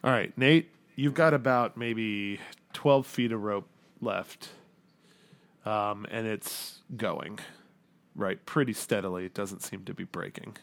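A man's voice: fairly low pitch, slow pace, vocal fry. A man narrating a tabletop game as game master, describing scenes in a loose, rambling way full of fillers.

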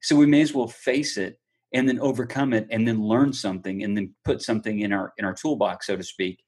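A male interview host with a somewhat husky voice. He speaks in a thoughtful, conversational way, affirming his guest and expanding on the point in his own words. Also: fairly low pitch, brisk, darkish tone. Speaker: podcast host.

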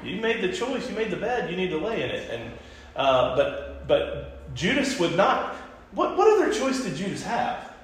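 A man's voice: sits high, moderate pace, slight background noise. Earnest preacher man in an echoey room. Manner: earnest, animated, repeats himself. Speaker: preacher and podcast host. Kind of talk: casual Bible discussion. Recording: echoey room with long reverb.

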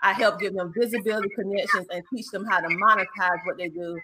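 A woman from South Carolina with a Southern accent, a business coach chatting as a guest on a show and laughing often. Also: mid-range voice. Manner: animated, laughs often, drawn-out Southern speech. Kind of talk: casual interview chat.

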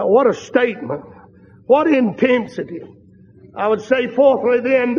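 A man preaching a sermon, slow and emphatic, repeating phrases for stress. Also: extremely high pitch, husky. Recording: dull recording in a reverberant hall.

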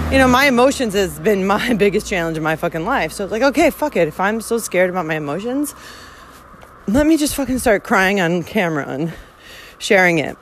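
A woman's voice: mid-range voice, slight background noise. A woman hiking vlogger talking casually and bluntly on the trail, swearing a lot and laughing often as she rants. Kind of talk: casual rant while walking.

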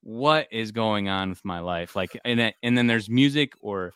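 A man in his thirties with a lowish, bright and very clear voice, chatting casually as a podcast co-host. He tells family stories animatedly and laughs a lot. The sound is dry and close. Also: normal speed, no echo. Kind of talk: casual chat.

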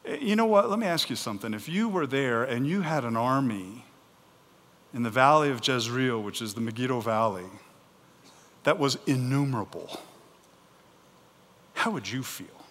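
A man preaching a sermon in an animated way, swinging between loud and soft and acting out the voices in the story. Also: mid-range voice, in a large hall. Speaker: pastor.

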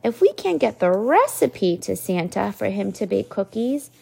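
A woman's voice: medium pitch, very animated, a little slow, gravelly, darkish tone, breathy edge, full character voice. A woman reading aloud and voicing an eager young girl who exclaims her lines. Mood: excited.

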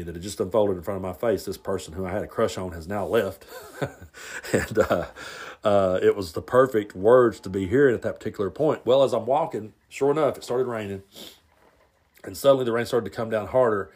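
A man hosting his own podcast, telling a story from his youth in a relaxed, rambling way with plenty of fillers, recorded at home. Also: lowish voice, moderate pace, husky. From Tennessee. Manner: rambling, laid-back, lots of fillers. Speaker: podcast host. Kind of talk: casual storytelling monologue. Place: home, near the garage.

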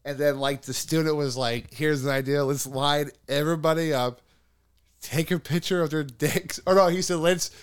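A man's voice: a little high, fairly even intonation, normal speed, smooth. A man co-hosting a podcast, telling a long, rambling, profane story packed with filler words. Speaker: podcast co-host. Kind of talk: casual storytelling chat.

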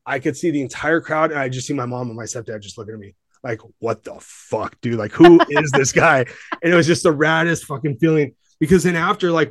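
A man's voice: mid-range voice, a bit bright, dry recording. A man in his forties from Southern California, a gym owner telling his story as a podcast guest in a profane, emphatic, rambling way. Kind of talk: casual storytelling.

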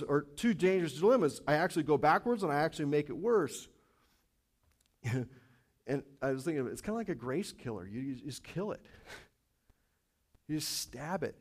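A man preaching a sermon in a conversational way, stumbling over restarts, chuckling, then pushing hard on his key points. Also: a little high. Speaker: pastor.

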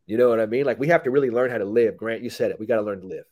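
A mental performance coach in a casual podcast chat, blunt and animated, swearing freely and acting out quotes. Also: male voice, lowish voice, very fast.

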